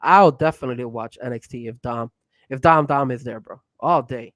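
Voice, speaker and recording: A man's voice: mid-range voice, normal speed, a bit bright, no echo. A man co-hosting a casual wrestling talk show, pushing his opinions with hyped fan banter. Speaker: co-host.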